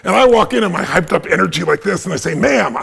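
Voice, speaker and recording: Man, 50s, high gravelly voice; rapid animated storyteller at a live training. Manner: intense and hyped, laughing through his own story. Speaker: guest speaker at a live online training.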